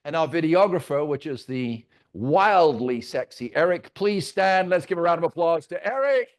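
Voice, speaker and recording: A man's voice: on the high side, expressive, normal speed. An older man with a slightly raised voice runs a team training session. He talks with energy and throws in jokes. Now and then he mimics the grumbling of his agents. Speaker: real estate team leader.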